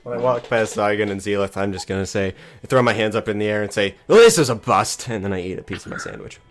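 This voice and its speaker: A man's voice: fairly low pitch, steady tone, quick pace. A man playing a tabletop game, declaring his character's actions in a laid-back, hesitant way. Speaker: player.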